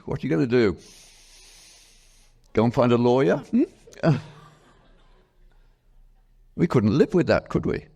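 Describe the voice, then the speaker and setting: A man, a professor, giving a lecture to a live audience as an animated storyteller who keeps asking his listeners questions. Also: medium pitch, vocal fry.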